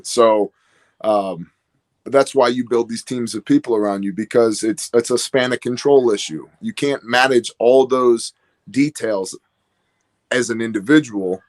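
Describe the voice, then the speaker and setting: A man's voice: medium pitch, unhurried. A man talking casually as a podcast guest, rambling and storytelling with lots of fillers. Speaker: guest, business owner.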